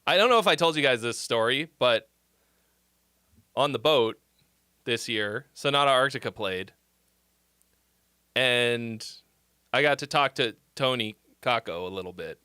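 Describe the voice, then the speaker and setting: A man hosting a casual song-critique livestream, talking in an animated, rambling way with plenty of swearing. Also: mid-range voice, unhurried, long pauses, smooth, dry recording, clean studio sound. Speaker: music critique livestream host.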